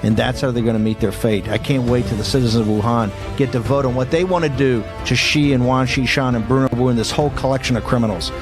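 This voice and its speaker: A man hosting a political talk show, speaking in a combative, rapid-fire, emphatic way. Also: medium pitch, over music. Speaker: host.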